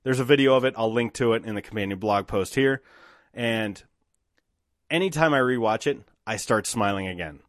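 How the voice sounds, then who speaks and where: A man hosting a solo podcast, telling stories with animated, emphatic bursts of excitement. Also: on the low side, moderate pace, dry recording, clean studio sound. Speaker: podcast host.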